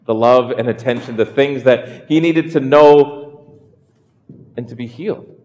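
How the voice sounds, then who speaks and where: A man's voice: medium pitch, unhurried, darkish tone, in a large hall. A man preaching a sermon, earnest, often repeating words as he builds a point. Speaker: pastor.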